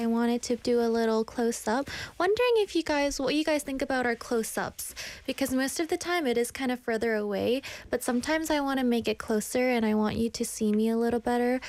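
A young woman radio DJ chats casually and pokes fun at herself, her voice set a touch high. She sounds a little out of breath. The studio sound is close and dry. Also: darkish tone, no room sound. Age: 20s. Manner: chatty, self-deprecating, reads viewer comments aloud. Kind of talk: casual live radio chat.

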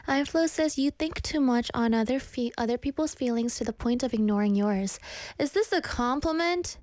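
A woman's voice: a little high, moderate pace, darkish tone, no echo. A young adult woman casually reading viewers' comments aloud and telling rambling stories from her own life. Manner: chatty, storytelling, ranting. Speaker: streamer reading chat messages.

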